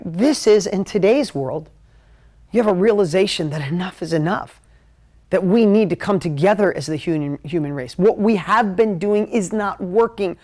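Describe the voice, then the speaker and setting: Energetic male motivational coach. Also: sits high. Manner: energetic, emotional, conversational. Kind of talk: live motivational talk at a whiteboard.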